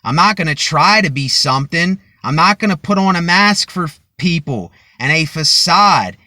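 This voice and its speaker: A man vlogging a motivational monologue into a cheap phone from inside his car, speaking deliberately and loudly as if to a crowd. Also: a little high, lively intonation, no room sound. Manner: slow and deliberate, projecting as if to a crowd.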